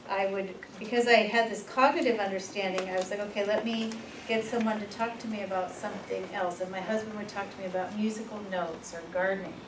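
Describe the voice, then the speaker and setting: A woman presenting a workshop, telling personal stories in a lively, informal way and laughing at herself. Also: mid-range voice. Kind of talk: personal storytelling in a workshop talk. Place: workshop room. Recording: echoey room, far from the mic, noisy.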